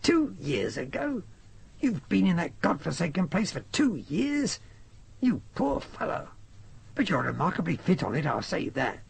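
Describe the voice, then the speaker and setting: Guy putting on a soft scottish doc, young, high and quick, can't believe what he's hearing, gravelly edge. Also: huge pitch swings, a little hiss or hum, exaggerated voice. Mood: sympathetic. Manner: quick, amazed, laughing disbelief. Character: young male doctor, soft-spoken and incredulous.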